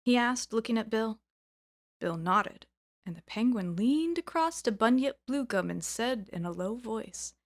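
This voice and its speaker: A woman reading a children's storybook aloud in a calm, steady narration. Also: a little high, a little slow. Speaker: reader.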